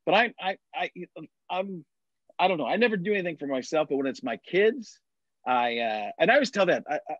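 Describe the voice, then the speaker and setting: A man's voice: on the high side, very animated, a little fast, a bit bright, dry recording. A middle-aged man telling a long story in casual chat, with many restarts and fillers. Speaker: podcast guest. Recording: dull, lo-fi sound.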